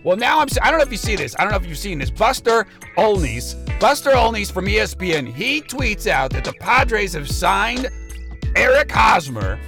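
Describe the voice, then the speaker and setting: An actor playing a brash, boastful macho sports-talk radio host who rants loudly and keeps asking "okay?" in a swaggering comedic radio rant. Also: male voice, high voice, very animated, normal speed, creaky, music in the background, heavily acted. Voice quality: loud, blustering, ranting. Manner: swaggering, repeats himself, asks "okay?" and "all right?".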